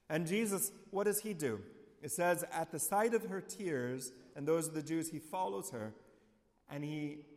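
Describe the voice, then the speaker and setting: Slow-spoken priest in an echoing church. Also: male voice. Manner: slow and reflective, dropping soft and low on key lines. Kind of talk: homily.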